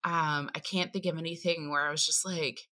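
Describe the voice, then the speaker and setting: A woman's voice: deep voice, fairly even intonation, a little fast, bright, forceful tone. A woman with an Appalachian accent, a podcast guest telling a personal story vividly and acting out her own inner voice.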